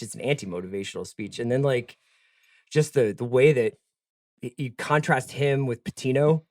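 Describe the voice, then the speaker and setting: A man's voice: mid-range voice, lively intonation, a little fast, darkish tone, dry recording, studio quality. A man co-hosting a podcast, breaking down a film in a thoughtful, wry casual chat. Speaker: podcast co-host. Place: podcast studio.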